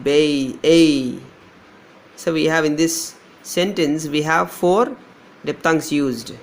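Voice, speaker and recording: Male English teacher, Telugu-Indian accent, slightly high gravelly voice, slow deliberate sound drills. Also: fairly bright tone, a little hiss or hum. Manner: slow, drawn-out modelling of each sound, repeating words. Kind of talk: pronunciation lesson.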